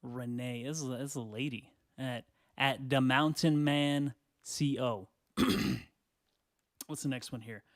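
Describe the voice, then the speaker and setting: A man hosting a casual solo podcast, rambling crudely through online comments, laughing often and clearing his throat. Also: medium pitch, steady tone, unhurried, long pauses, no echo, studio quality. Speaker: podcast host. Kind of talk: casual solo podcast reading tweets aloud.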